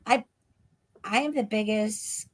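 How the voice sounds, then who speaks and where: A woman talks over a live stream call, middle-pitched and chatty. She tells stories casually, leaning on "like" and laughing often as she goes. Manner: chatty, leans on filler "like". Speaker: guest, ghost tour guide. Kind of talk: casual storytelling in an interview. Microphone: remote live stream call.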